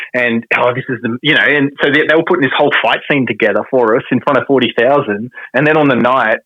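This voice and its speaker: A man's voice: medium pitch, no echo, lo-fi sound. An Australian man, a pro wrestler on a podcast, telling a story casually, laughing often and swearing mildly.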